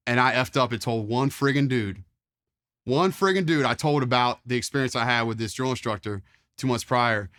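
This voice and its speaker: A man's voice: medium pitch, a bit bright. A man in his forties from Virginia telling stories in a casual, rambling way, full of fillers and mild swearing. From Charlottesville, Virginia, US. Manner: rambling with many fillers, mild profanity, acts out quotes. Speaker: interview guest, former Marine. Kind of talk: casual storytelling.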